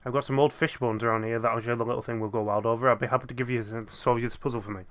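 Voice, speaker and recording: A man's voice: mid-range voice, flat delivery, rapid-fire, a bit bright, close to an everyday voice. A man reading out a prim, fussy village woman from a puzzle game, in a teasing tone.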